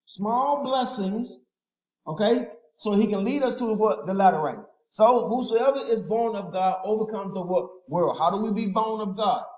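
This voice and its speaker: A man's voice: sits high, a little mellow. A man preaching a sermon in a call-and-response style, informal and emphatic, often asking the listeners to finish his sentences. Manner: asks the congregation to fill in words. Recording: echoey, dull lo-fi room sound.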